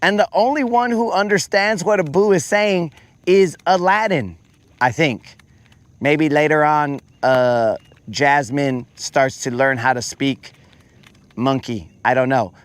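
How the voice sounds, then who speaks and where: A man's voice: slow pace, dry recording. A man hosting a fishing livestream, chatting casually and animatedly with viewers in slang and acting out quoted voices. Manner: animated storyteller, slangy, acts out quotes in a higher voice.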